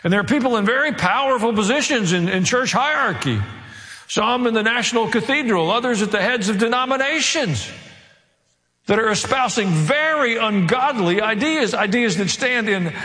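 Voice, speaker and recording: A man preaching a sermon as pastor, earnest and pleading, acting out quiet prayers. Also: very high voice, lively intonation, normal speed, big-room sound.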